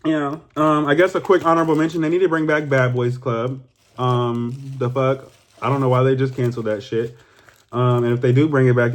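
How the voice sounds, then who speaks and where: A young man talks straight to his camera. He rambles casually, swears freely and leans on fillers, getting animated as he goes. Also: medium pitch. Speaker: YouTuber. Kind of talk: casual vlog monologue.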